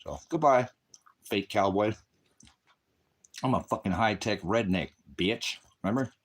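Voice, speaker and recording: A man's voice: on the low side, measured pace. Profane, combative man ranting at chat. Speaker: livestreamer. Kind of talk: angry livestream rant at chat. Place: rural farm, partly outdoors.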